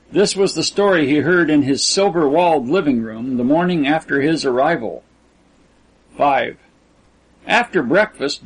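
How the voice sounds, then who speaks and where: A man with a husky, slightly raspy voice reads a literary story aloud. His pitch sits a little higher than most men's, and his delivery is measured and even. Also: rough recording. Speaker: audiobook narrator. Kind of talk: scripted literary narration.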